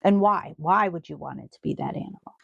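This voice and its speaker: A woman's voice: fairly low pitch, a little fast, vocal fry, breathy edge, dry recording, lo-fi sound. A woman co-hosting a casual podcast, chatty and storytelling, laughing easily and swearing now and then. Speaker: podcast co-host. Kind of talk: casual chat.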